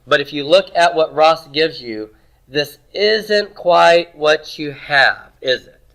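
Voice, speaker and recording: A man with a bright, forceful voice teaching a Hebrew grammar class. He asks the room questions and then answers them himself. His voice sits a little high for a man. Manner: sounds out Hebrew syllables slowly. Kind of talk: classroom lecture.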